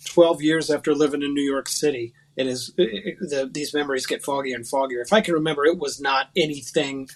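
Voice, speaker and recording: A man in his thirties, from West Virginia, chats as an interview guest. His voice sits a bit high for a man, and he tells his stories in a loose, self-mocking way, full of ums and restarts. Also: fairly quick, hardly any pauses. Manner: chatty, self-mocking storyteller with frequent fillers. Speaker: podcast guest, actor. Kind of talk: casual interview chat.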